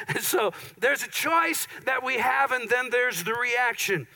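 Midwest pastor guy preaching, high bright voice, casual jokey asides. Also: animated, brisk, low-quality recording. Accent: Upper Midwest American. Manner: conversational preaching with playful asides. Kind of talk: sermon.

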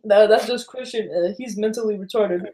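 A man's voice: sits high, moderate pace, background noise. A teenage guy from Denmark co-hosting a podcast, chatting loosely, giggling and swearing often. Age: teens. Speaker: podcast co-host. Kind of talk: casual chat.

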